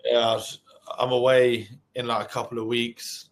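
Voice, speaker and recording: A man hosting a live online Q&A, reading out viewer questions and firing back answers. His voice sits at an ordinary, mid pitch. He talks in a hyped, sweary, pep-talk manner. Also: level tone, normal speed. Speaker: co-host.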